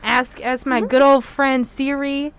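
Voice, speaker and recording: A woman's voice: high-pitched, flat delivery, a little slow, a bit bright, smooth, poor audio. Giggly young woman sharing odd facts. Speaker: podcast guest. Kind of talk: casual chat.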